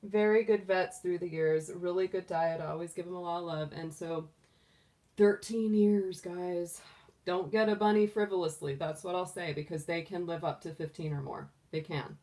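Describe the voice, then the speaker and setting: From a room at home with the door shut, a middle-aged tarot livestreamer chats casually and affectionately, laughing often. She speaks at a moderate pace in a warm, lowish voice with fairly even intonation, a bit away from the mic.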